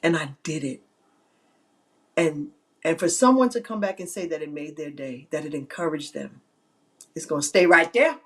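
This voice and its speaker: A woman's voice: low voice, big pitch swings, normal speed, long pauses, fairly bright tone. A woman hosting an inspirational live-stream talk, emphatic and given to repeating phrases for effect.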